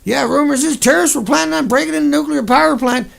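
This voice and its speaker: A man's voice: very high-pitched, fast talker, vocal fry, fairly bright tone, voice pushed up, exaggerated voice. A man putting on the voice of a smug, dismissive male nuclear industry spokesman in a condescending, mocking sing-song. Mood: mock-cheerful.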